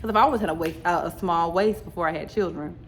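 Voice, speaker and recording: A woman telling her story in a chatty, animated home vlog, talking straight to her viewers. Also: lowish voice, fast talker, a little hiss or hum. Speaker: vlogger. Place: home, indoors.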